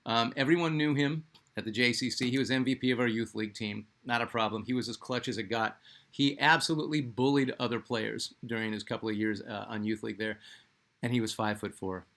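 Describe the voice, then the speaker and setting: A man's voice: mid-range voice, steady tone, a little fast, a bit bright. A middle-aged man from Phoenix, hosting a sports channel and telling a personal story in a rambling, conversational way full of fillers. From Phoenix, Arizona, US.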